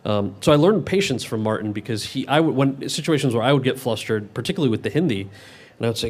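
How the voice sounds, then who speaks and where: A man in his thirties, an actor answering audience questions in a relaxed Q&A, often restarting his sentences. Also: mid-range voice. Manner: talks fast with many quick restarts. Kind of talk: casual Q&A answers.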